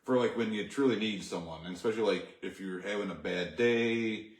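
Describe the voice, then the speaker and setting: Male co-host, lowish voice, loose and rambling, roomy sound. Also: a little fast. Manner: rambling, lots of fillers like "like" and "you know". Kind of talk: casual chat. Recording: echoey room.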